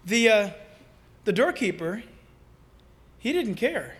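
Animated high-voiced male pastor preaching. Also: takes it slowly, breathy edge. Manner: animated, humorous preaching with asides. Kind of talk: sermon.

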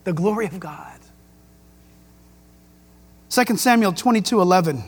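A man preaching a sermon as pastor, emphatic and excitable, with jokes and rhetorical questions. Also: sits high, a little slow, slightly rough. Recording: long hall reverb.

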